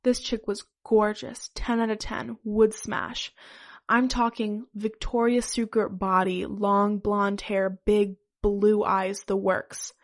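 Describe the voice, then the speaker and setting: A woman's voice: medium pitch, little pitch movement, slow. Woman, podcast host, reading a comic story aloud, narrating. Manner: breaks up laughing.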